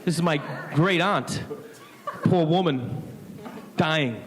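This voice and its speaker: A man telling a stand-up story, animated and chatty, often checking in with the crowd. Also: a little high, slow. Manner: animated, keeps asking "you know what I mean". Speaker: stand-up comedian.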